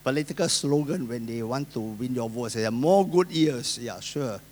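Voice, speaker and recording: A male pastor speaking Singaporean English preaches briskly at medium pitch. His delivery shifts from loud emphasis to soft asides, and he takes on the voices of the people he quotes.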